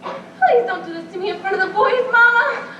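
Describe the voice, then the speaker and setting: A woman's voice: very high-pitched, animated, normal speed, bright, forceful tone, muffled recording, slight background noise, full character voice. A woman playing a childlike, nervous grown aunt who giggles and tears up, in an amateur stage play recorded from far off on an echoey stage. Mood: pleading. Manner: tearful, giggly, eager.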